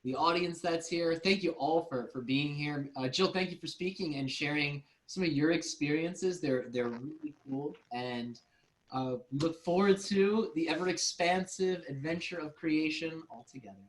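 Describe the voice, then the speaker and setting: A man's voice: on the high side, moderate pace, rough recording. A man co-hosting a spiritual group call, telling casual stories in a chatty way and laughing often. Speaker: co-host.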